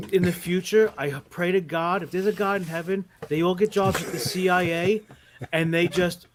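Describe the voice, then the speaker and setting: A mall Santa appearing as a podcast guest tells rowdy, profane stories in a casual chat, laughing often as he goes. His voice is high, with slight background noise.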